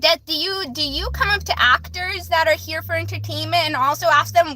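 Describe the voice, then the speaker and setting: Bright, high-voiced woman livestreamer. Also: brisk. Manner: rambling, restarts often, says "flip" instead of swearing. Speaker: livestream host doing readings for viewers. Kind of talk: emotional casual livestream talk.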